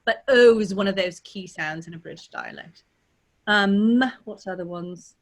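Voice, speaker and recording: A woman's voice: mid-range voice, a little slow. Woman, dialect coach, casual video call, demonstrative, step-by-step explaining. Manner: demonstrative, talks through sounds step by step. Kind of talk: casual teaching chat.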